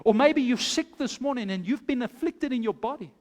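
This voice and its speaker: A man's voice: very high voice, lively intonation, brisk, a little mellow, long reverb tail. A man, a pastor preaching a sermon, telling the story and exhorting his congregation.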